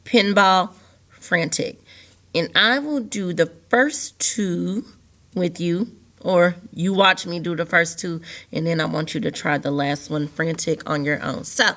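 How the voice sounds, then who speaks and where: A woman's voice: on the low side, bright, forceful tone. A woman teacher walking young students through a recorded video lesson, repeating key words patiently and stressing them in a sing-song way.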